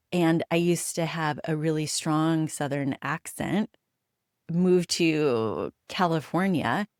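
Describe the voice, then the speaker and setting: Candid, emphatic woman with a lower voice. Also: no echo, studio quality. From United States. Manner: candid and emphatic, swears freely; reflective storytelling with frequent pauses. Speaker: podcast host. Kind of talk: solo podcast monologue.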